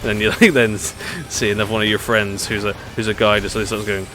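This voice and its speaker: A man rambles through a live racing-game stream, laughing at his own jokes as he goes. His voice sits a little low, and game music plays clearly behind him from his home setup. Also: flat delivery, fast talker. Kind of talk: live gameplay chat.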